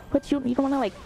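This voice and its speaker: A woman's voice: high voice, vocal fry, dark tone, low-quality recording. A woman streaming a video game, commenting sarcastically and laughing as she talks back to the characters. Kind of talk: live gameplay commentary.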